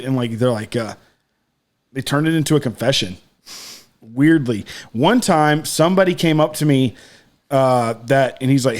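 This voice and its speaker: A man's voice: mid-range voice, normal speed. Rambling male podcast co-host. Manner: rambling, hesitant, many fillers. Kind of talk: casual chat.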